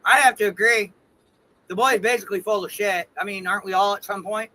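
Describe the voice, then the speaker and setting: A man's voice: high-pitched, fairly even intonation, quick pace, sharp tone, slight background noise, poor audio. A man hosting his own livestream, talking bluntly and defiantly with plenty of swearing. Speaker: channel host in a played clip. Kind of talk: heated livestream talk.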